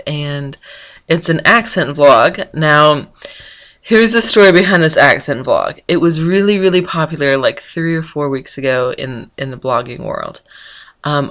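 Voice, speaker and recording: Chatty woman blogger, bright voice. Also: low voice. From North Florida, US. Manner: chatty, rambling, frequent ums. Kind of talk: casual vlog chat.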